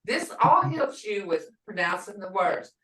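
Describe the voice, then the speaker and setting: Picked up from far off in an echoey classroom, a woman language teacher runs word drills and quizzes students on whether each sound is short or long. She speaks at mid-range pitch and a measured pace, very animated, with a slightly bright tone.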